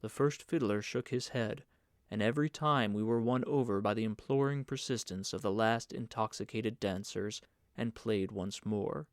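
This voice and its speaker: A man narrating an audiobook of a novel in an even, measured reading. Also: on the low side, no echo, clean studio sound. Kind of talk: scripted narration.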